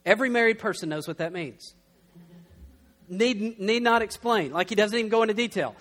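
A young adult man preaching a conversational sermon, telling stories with animated humor. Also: high-pitched, a little fast. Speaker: pastor.

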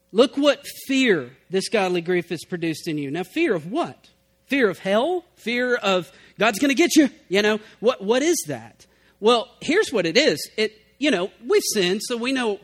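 Middle-aged male pastor, high voice, conversational sermon delivery. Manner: conversational, acts out quoted excuses.

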